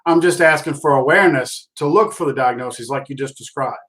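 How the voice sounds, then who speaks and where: A middle-aged man telling his story as a guest in a casual interview, animated and self-deprecating, with frequent restarts. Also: medium pitch, a little fast. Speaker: podcast guest, concussion awareness speaker.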